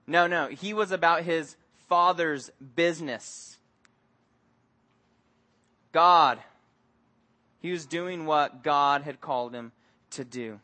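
Animated, bright-voiced male pastor. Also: high voice, a little slow, long pauses. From Mexico. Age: adult with young son. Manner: animated storytelling, acts out voices. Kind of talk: sermon.

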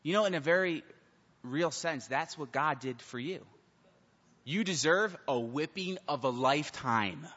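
A pastor preaches an animated sermon, slipping into the voices of the people in his stories. His voice sits a little high for a man. The sound is dull and lo-fi, with a long reverb trailing off the walls of a large hall. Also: measured pace, breathy edge.

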